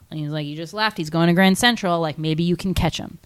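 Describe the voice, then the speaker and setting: A woman co-hosting a podcast, telling a film's plot in a chatty, animated way with lots of "like" and acted-out quotes. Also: fairly low pitch, fairly quick, clear, resonant tone. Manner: animated storytelling with many likes and acted-out quotes. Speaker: podcast co-host. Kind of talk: casual movie recap chat.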